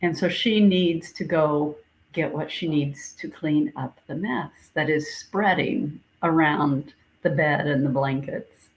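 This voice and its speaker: A woman minister giving a sermon, gently recounting a dream in a reflective, repetitive storytelling way. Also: deep voice, low-quality recording. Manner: slow, gentle, reflective storytelling with repeated phrases.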